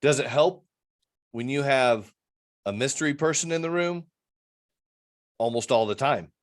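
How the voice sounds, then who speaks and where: A man's voice: medium pitch, measured pace. A man who works as an addiction interventionist, a guest on a video-call interview, talking in an earnest, rambling way and acting out the people he quotes.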